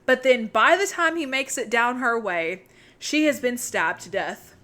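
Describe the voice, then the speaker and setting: Excited young woman recapping a movie. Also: a little high, a little slow. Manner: excited, swears freely, retells scenes. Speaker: podcast co-host. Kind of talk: casual movie recap chat.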